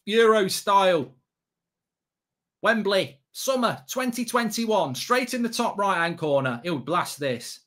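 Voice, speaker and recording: A man giving excitable, sweary live reaction commentary as a streamer, half talking to himself. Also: high-pitched, slow.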